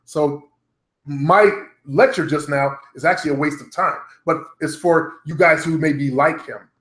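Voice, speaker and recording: A man's voice: a little high, moderate pace, fairly bright tone. A middle-aged man vlogging at home, talking bluntly and profanely straight to his viewers in a loose, rambling monologue. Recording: roomy echo.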